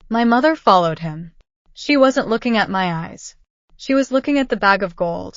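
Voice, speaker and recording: A woman narrating a dramatic first-person story in a steady reading voice. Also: fairly high pitch, normal speed, dry recording, muffled recording.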